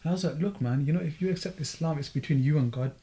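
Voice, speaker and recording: Fast-talking man telling a story. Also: fairly high pitch, a little hiss or hum. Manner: fast, animated, acts out dialogue in the story. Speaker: podcast guest. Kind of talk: casual storytelling chat.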